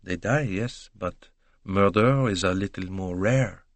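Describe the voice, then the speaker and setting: A man voicing a shrewd, probing older male detective who questions slowly and deliberately. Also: low-pitched, dry recording. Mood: needling.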